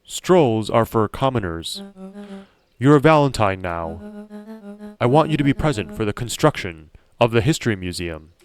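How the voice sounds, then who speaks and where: A man's voice: fairly low pitch, big pitch swings, faint music behind. A man playing a snobbish, bossy heiress. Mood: haughty. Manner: imperious, slow lecturing delivery. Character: haughty young woman heiress, bossy and snobbish.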